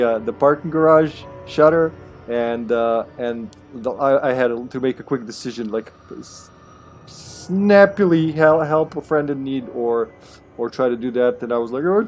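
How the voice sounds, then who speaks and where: A man live-streaming a video game, chatting casually, laughing often and greeting viewers loudly by name. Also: medium pitch.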